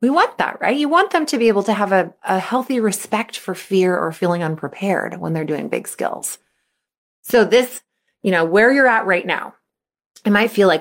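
A woman coach in casual podcast talk, chatty with lots of filler words, jumping into high excited bursts when she acts out what people say. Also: moderate pace. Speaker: mental skills coach for young athletes.

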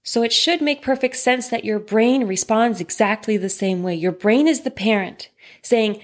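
A woman's voice: fairly high pitch, moderate pace. A woman talking straight to the listener in an earnest, reassuring way, asking rhetorical questions as she explains. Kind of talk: direct-to-listener talk on trauma.

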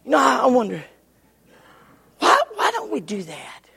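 A man preaching a revival sermon in a church, swinging from shouted lines to hushed, near-whispered ones. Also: very high voice, wildly swooping pitch, moderate pace, gravelly, breathy edge. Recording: church hall reverb.

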